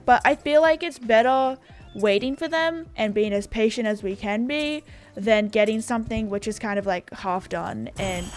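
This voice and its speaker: A woman with an Australian accent, chatting casually as a gaming YouTuber, rambling and filling her talk with "like" and "you know". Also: medium pitch. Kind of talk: casual chat.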